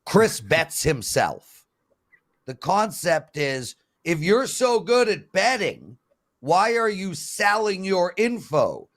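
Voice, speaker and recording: A man's voice: sits high, big pitch swings, slow pace. A man hosting a sports betting show, chatty and mocking as he reads out viewer comments and answers them. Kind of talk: casual panel talk.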